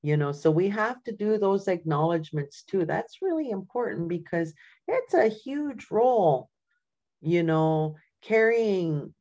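A woman's voice: mid-range voice, a little mellow, lo-fi sound. An older woman from Canada, an elder giving an informal teaching talk in a storytelling way, often checking in with "right?" and "you know". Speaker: community elder.

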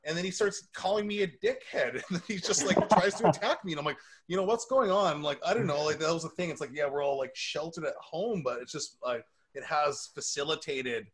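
A man hosting a casual podcast chat, telling lively stories and laughing often. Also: on the high side, fairly quick, few pauses. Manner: animated storyteller, laughs often. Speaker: podcast host and personal trainer.

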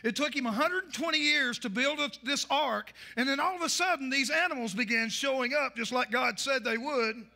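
A male pastor, preaching a fiery sermon and shouting his points. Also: very high-pitched, brisk, gravelly, few pauses.

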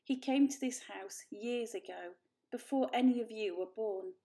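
A woman's voice: on the high side, measured pace, warm tone. A woman voicing an old, worried male cat elder who pleads earnestly.

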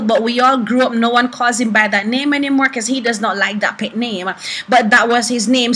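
A young woman prophetess teaching about prophecy through animated personal stories, acting out the people she quotes. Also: high-pitched, breathy edge, poor audio. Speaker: prophetess and preacher.

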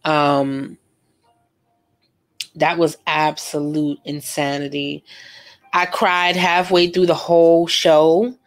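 A woman's voice: low voice, level tone, slow, pauses often. A young woman chatting casually and emotionally while she paints, with lots of fillers and slang. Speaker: art vlogger painting live.

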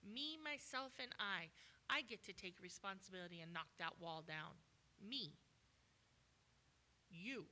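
A woman preaching a sermon as a guest speaker at a church, animated and acting out the voices of people in the story. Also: mid-range voice, a little slow, long pauses. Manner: animated, acts out voices in quoted dialogue.

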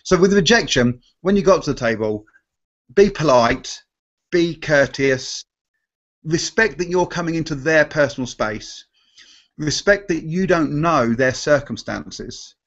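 Animated man, lo-fi stream. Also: on the high side, a little slow. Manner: animated, repeats words as he restarts sentences. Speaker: guest magician. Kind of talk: live Q&A chat.

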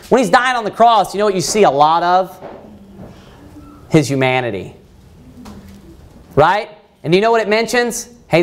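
A man leads a Bible study as pastor, his voice pitched high and swinging widely in pitch. He teaches emphatically, pressing the room with rhetorical questions and restarting his sentences as he goes. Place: church.

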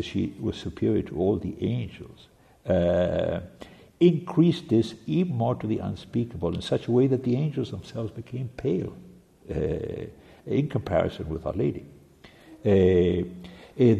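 A man giving a devotional sermon, halting and full of fillers and restarts. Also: on the low side, creaky, warm tone. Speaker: preacher. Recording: long reverb with faint music.

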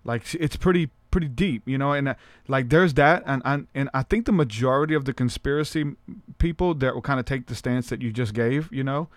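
A man hosting a podcast in casual conversation, chatty and hedging, talking in quick bursts. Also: medium pitch, dry recording. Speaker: podcast host.

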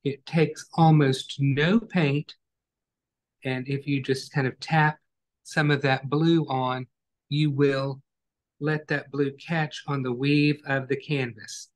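A man teaching an online acrylic painting class, giving calm, step-by-step instructions as he works. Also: mid-range voice.

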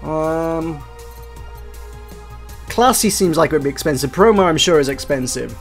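Chatty man with a slightly high voice. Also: measured pace, vocal fry, long pauses, soft background music. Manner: rambling, hesitant, many "um"s and self-corrections. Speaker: let's play host. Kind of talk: casual gameplay commentary.

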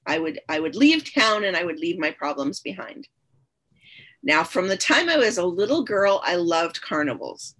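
Husky low-voiced woman telling her story. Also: very animated, normal speed, fairly bright tone. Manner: earnest, repetitive phrasing, candid and reflective. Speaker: podcast guest. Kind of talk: personal storytelling in conversation.

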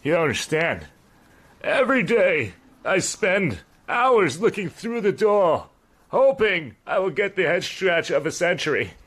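A man's voice: sits high, very animated, unhurried, a bit bright, husky, voice pushed up, exaggerated voice. Man voicing a whiny neglected house cat. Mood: pleading. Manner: pleading, whiny complaints. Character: neglected male house cat craving head scratches.

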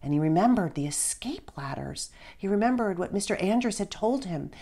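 A woman's voice: medium pitch, expressive, moderate pace, mellow. A middle-aged woman, a children's author, reading her book aloud to kids with a storyteller's manner and casual asides.

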